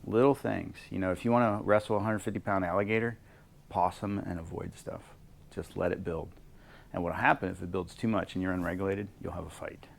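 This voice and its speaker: A man leading a leadership workshop as coach, animated and acting out both sides of the conversations he describes. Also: low voice, brisk, creaky. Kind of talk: interactive workshop teaching.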